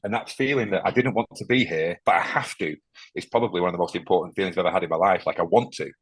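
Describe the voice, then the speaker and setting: A man sharing a personal story as a podcast guest, emotional and halting, often restarting his sentences. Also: low-pitched, slightly rough, no echo. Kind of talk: candid interview conversation.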